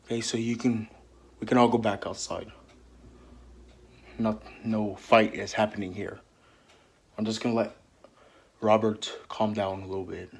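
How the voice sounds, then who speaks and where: A man's voice: lowish voice, flat delivery, unhurried, vocal fry, pauses often, slightly rough. Stammering man improvising character voices. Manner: stammering, repeats words. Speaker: player voicing game characters. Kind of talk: improvised character role-play.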